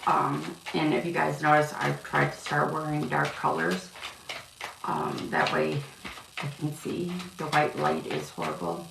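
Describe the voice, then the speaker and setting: A woman reading cards on a live stream, chatting warmly with viewers and calling them love. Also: sits low, measured pace, gravelly, distant mic. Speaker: card reader. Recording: echoey room, off-mic, noisy.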